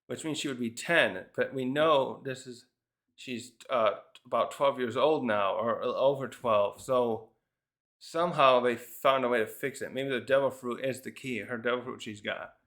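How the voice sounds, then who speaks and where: A man's voice: mid-range voice, moderate pace, fairly bright tone. Man rambling through a manga review. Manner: rambling, thinks aloud, often restarts mid-sentence. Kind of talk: casual review commentary.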